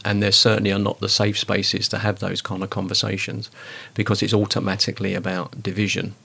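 A man in a relaxed discussion, talking in an animated, rambling way with lots of fillers. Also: on the low side, fairly quick, gravelly, husky. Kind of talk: conversational discussion.

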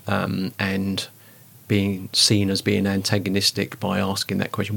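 A man in a relaxed discussion, talking in an animated, rambling way with lots of fillers. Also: low voice, a little slow, gravelly, husky. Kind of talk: conversational discussion.

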